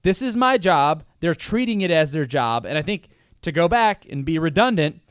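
A man's voice: on the high side, very animated, moderate pace, clear, resonant tone, no echo. A man co-hosting a sports talk show, analyzing a football team in a rambling, opinionated way with frequent restarts. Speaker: sports radio co-host.

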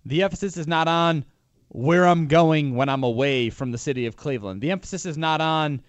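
Male sports radio co-host, slightly high voice, dry close sound, rambling analysis. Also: brisk, clear, resonant tone, no room sound. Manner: rambling, restarts often. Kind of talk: casual sports talk.

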